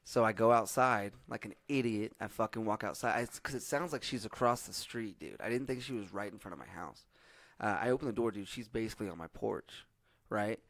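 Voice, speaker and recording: Young man, hoarse, husky, low voice, dry close sound, rambling profane storytelling, podcast host. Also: a little fast, no echo. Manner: profane, rambling, animated storytelling with many fillers. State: hoarse from yelling. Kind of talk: casual storytelling chat.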